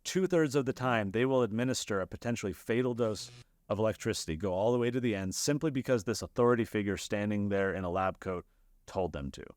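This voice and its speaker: A man giving an explanatory lesson on logical fallacies, telling examples in a lively storytelling way and briefly acting out the voices he quotes. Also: fairly low pitch, quick pace, dry recording, studio quality. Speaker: lecturer.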